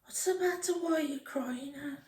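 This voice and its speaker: English woman putting on a kindly, concerned old nan, pitched high, echoey room. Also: moderate pace, lightly acted. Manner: gently concerned questioning. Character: kindly elderly grandmother.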